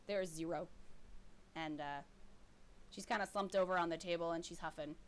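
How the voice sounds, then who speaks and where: A woman's voice: on the low side, steady tone, moderate pace. A woman narrating as game master of a tabletop game in a rambling, giggly way, full of fillers.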